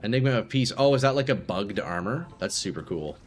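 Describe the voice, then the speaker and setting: A man's voice: lowish voice, animated, fairly quick, slight background noise. Laid-back young male game streamer. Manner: laid-back, swears freely, chats with viewers. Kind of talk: casual live-stream gameplay commentary.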